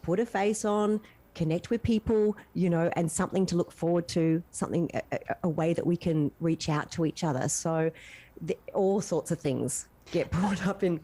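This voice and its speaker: A woman's voice: lowish voice, moderate pace, mellow. A woman chatting as a guest, earnest and heartfelt, rambling with restarts. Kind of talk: casual chat.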